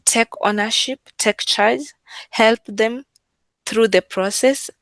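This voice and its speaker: A woman's voice: a little high, slow pace, creaky, fairly bright tone, no room sound. A woman who works in client service, talking casually and unhurriedly about her work, with many fillers and repeated phrases. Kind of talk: casual talk on work practice.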